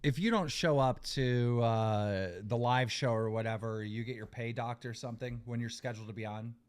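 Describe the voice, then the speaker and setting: A man's voice: medium pitch, moderate pace, clean tone. A man hosting a live podcast, angrily ranting and swearing at a cohost who is not there. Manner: profane, heated, yelling at an absent cohost. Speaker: podcast host.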